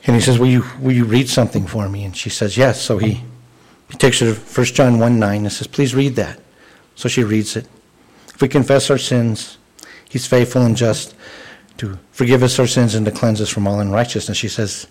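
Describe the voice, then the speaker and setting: A man's voice: mid-range voice, fairly even intonation, moderate pace, a little mellow, poor audio. Earnest preaching man. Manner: earnest, conversational preaching with frequent restarts. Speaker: pastor. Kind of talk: sermon.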